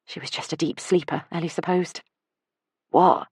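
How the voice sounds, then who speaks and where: A woman narrates a novel with a calm, measured delivery. Her voice sits low, and the recording is close and dry with no room sound. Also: breathy edge, no room sound. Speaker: audiobook narrator. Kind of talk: scripted narration.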